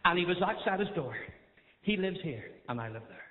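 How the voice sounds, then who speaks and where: A man with a Northern Irish accent doing stand-up one-liners on a theatre stage, chatty and coaxing the crowd between rapid gags. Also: high-pitched, animated. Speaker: stand-up comedian. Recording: echoey theatre, tinny thin sound, noisy. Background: audience laughter.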